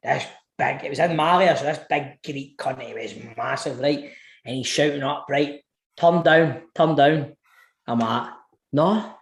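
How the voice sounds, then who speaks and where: A man's voice: mid-range voice, normal speed, gravelly, echoey room. A Scottish man in his thirties, co-hosting a podcast and telling a sweary, laughing story in casual chat. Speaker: podcast co-host.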